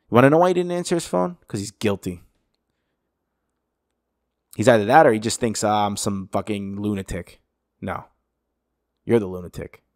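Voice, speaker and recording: A man's voice: lowish voice, no echo, clean studio sound. A man hosting a podcast alone, ranting in anger, swearing heavily and hammering his points home through repetition. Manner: heated, profane, emphatic repetition. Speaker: podcast host. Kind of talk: angry solo rant.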